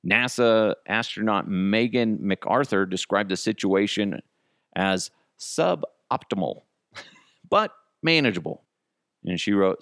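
Animated male podcast host, low voice, dry close sound, casual jokey storyteller. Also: moderate pace, no room sound. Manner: animated, jokey, self-deprecating.

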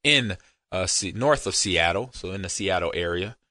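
A man with a lowish, forceful voice talks through a casual podcast chat. He rambles easily and often sinks into a quiet murmur. The sound is close and dry. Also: animated, moderate pace, no echo. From United States. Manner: rambling, easygoing, drops to a low murmur. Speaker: podcast co-host.

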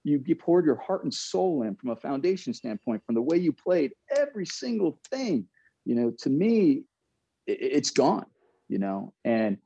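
A man's voice: on the high side, big pitch swings, normal speed, creaky, warm tone, husky, dry recording, dull audio. An earnest man in middle age, a former pro ball player telling a candid story, often repeating and restarting his phrases.

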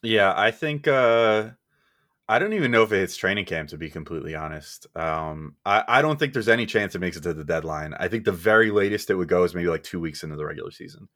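A man's voice: low voice, lively intonation, fast, a bit bright, dry recording, studio quality. A man hosting a casual podcast, rambling and joking, laughing easily as he moves between topics. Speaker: podcast host.

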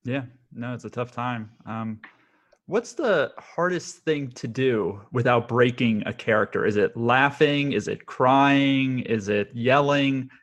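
A man's voice: mid-range voice, takes it slowly. A man hosting a podcast, asking easygoing interview questions and laughing along. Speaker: podcast host.

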